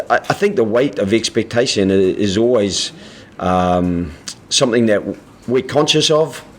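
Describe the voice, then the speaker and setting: A head coach at a press conference, answering in a measured, halting way with frequent restarts. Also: male voice, lowish voice, a little hiss or hum.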